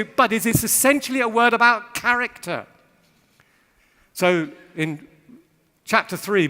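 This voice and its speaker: Male speaker, slightly high and bright, witty sermon delivery in a large reverberant hall. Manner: witty, varied emphasis, repeats phrases rhythmically. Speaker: speaker giving a Bible talk. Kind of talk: sermon talk to a live audience.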